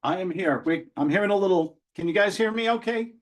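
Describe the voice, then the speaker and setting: Cheerful high-pitched man, casual and chatty, speaking over a video call. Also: brisk. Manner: chatty, cheerful greetings, a little unsure. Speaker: co-presenter. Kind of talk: casual webinar chat.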